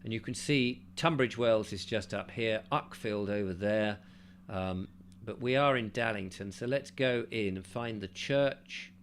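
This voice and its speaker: Male host-reader, bright, chatty narration with asides at a desk mic. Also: mid-range voice, a little hiss or hum. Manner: chatty, breaks off to comment, animated in the read passages. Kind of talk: reading a travel book aloud with asides. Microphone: desk mic with keyboard nearby.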